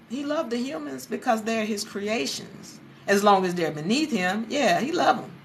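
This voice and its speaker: A woman giving a casual, animated lecture, retelling stories conversationally. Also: on the high side. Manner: animated, conversational, acts out voices. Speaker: teacher.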